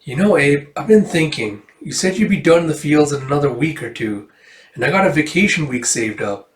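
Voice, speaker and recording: A man voicing a friendly small-town waitress with a soft, warm manner. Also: a little high, animated, brisk, echoey room, lightly acted.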